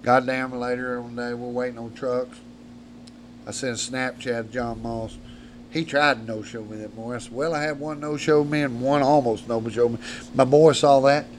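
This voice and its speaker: A man's voice: mid-range voice, fairly even intonation, moderate pace, slight background noise. Profane man telling rowdy stories. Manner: profane, laughs mid-story. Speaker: podcast guest. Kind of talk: rowdy storytelling.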